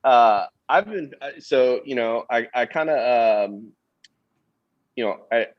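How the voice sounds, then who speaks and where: Brief: thirties male guest from Florida, mid-pitched, stop-start delivery, dull lo-fi remote audio. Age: 30s. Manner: halting, many restarts, laughs easily. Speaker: guest professional angler. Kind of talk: casual podcast chat.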